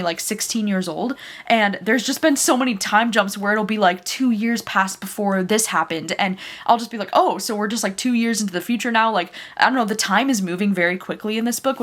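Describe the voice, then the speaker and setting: A woman in a casual reading vlog who talks in a chatty, gushing way. She leans on fillers and restarts as she thinks aloud. Her pitch sits in a middle range for a woman. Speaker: book vlogger.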